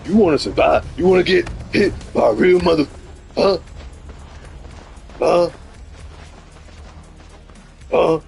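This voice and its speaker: A man tells a comic story on his live stream, swinging from loud bursts to mumbled asides. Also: fairly high pitch, slow, creaky, long pauses, soft background music. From New York.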